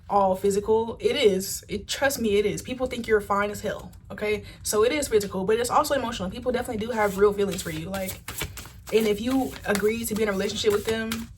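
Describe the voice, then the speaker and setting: A woman giving a casual pick-a-card tarot reading, chatty and animated, swearing freely. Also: mid-range voice, noisy background. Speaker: tarot reader.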